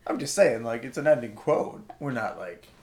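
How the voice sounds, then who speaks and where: A man's voice: mid-range voice, big pitch swings, normal speed, darkish tone. A man co-hosting a podcast in casual chat, laid-back and rambling with many fillers. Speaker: podcast co-host.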